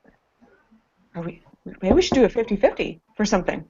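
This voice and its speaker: A woman's voice: medium pitch, sing-song, a little fast, mellow. A woman on a casual online panel, chatting with dry, wry remarks. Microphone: video call. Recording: dull lo-fi web call with faint hiss.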